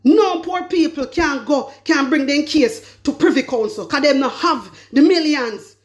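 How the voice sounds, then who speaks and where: High-voiced Jamaican woman ranting. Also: measured pace. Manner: emphatic, scolding, repeats herself. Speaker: commentary vlogger. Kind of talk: political commentary rant.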